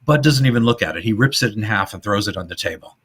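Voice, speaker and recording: A middle-aged man co-hosting a podcast, retelling old comedy film scenes in a casual, animated way. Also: fairly low pitch, quick pace, breathy edge. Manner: animated retelling, acts out quoted lines in funny voices. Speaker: podcast co-host.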